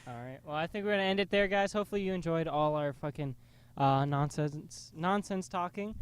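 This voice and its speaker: A man's voice: on the high side, a little fast, clean tone. A young man co-hosting a casual rooftop podcast, swearing and laughing easily as he tells stories. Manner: profane, laughs often. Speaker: podcast co-host. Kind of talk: casual chat. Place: outdoors on a rooftop.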